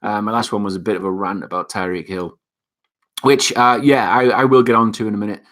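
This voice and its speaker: A man's voice: on the low side, steady tone, fairly quick, fairly bright tone. A man from Britain hosting a live stream, casually reading out viewer comments, laughing and swearing now and then. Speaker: livestream host reading chat.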